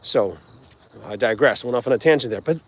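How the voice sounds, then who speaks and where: A man's voice: medium pitch, fairly quick. A man with a New Jersey accent, hosting a live motivational talk in a rambling, earnest, conversational way. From New Jersey, United States. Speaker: music channel host.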